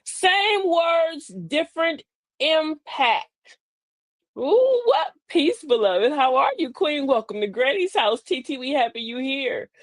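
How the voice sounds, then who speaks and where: A woman's voice: high voice, very animated, slow pace, no echo. A woman hosting a live online talk show in a folksy, preachy way, calling her listeners beloved and laughing often. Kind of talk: live-stream talk with viewer shout-outs.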